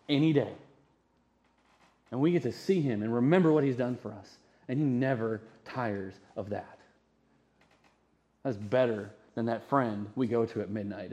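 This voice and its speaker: A man's voice: medium pitch, dark tone, lo-fi sound. A man preaching a sermon as pastor, conversational, often asking the congregation rhetorical questions.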